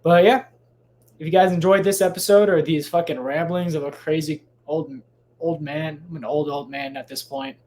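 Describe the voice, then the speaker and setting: A man's voice: a little high, fairly even intonation, normal speed, a little mellow, a little hiss or hum. A man hosting a solo podcast, rambling casually with lots of swearing, restarts and tangents, recording at home late at night. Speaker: podcast host.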